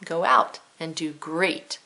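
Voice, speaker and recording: A woman's voice: on the low side, slow pace, vocal fry, pushed and bright. A woman teaching a children's spelling lesson, who spells words letter by letter and thinks aloud, step by step, in a patient way.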